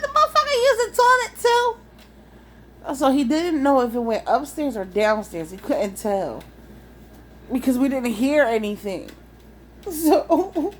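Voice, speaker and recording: A young woman telling a wild personal story in a casual, animated, profane way, laughing often. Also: fairly high pitch, slight background noise.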